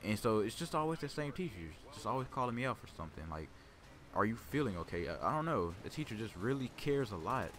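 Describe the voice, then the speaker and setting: A man's voice: mid-range voice, sing-song, fast, few pauses, slight background noise. A man casually telling a rambling story over gameplay, stammering and repeating words. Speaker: gaming video host.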